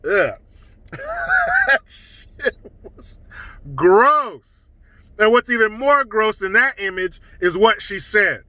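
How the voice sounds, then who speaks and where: Middle-aged male commentator, emphatic and scornful; high, very bright voice. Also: expressive, slow, long pauses, no room sound, rough recording. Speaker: political commentary vlogger. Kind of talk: opinionated monologue.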